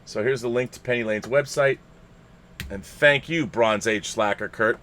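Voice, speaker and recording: A man's voice: mid-range voice, normal speed, fairly bright tone. A man hosting a live podcast, reading a listener's letter aloud in a playful, theatrical way with bursts of laughter. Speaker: podcast host.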